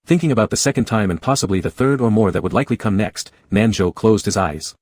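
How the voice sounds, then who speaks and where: A man giving an even, unhurried scripted narration of a romance story. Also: on the low side, no echo.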